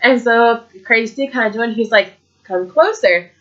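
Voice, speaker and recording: Excitable woman telling a fan story. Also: on the high side, moderate pace, highs cut off. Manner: excitable, lots of fillers and quoted reactions. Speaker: vlog host. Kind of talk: casual storytelling.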